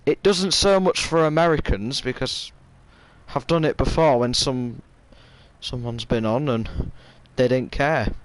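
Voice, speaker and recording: A man's voice: mid-range voice, a little slow, clear, resonant tone, dry recording, poor audio. A young man with a Yorkshire accent chatting casually on a game live stream, rambling through stories in a stop-start way.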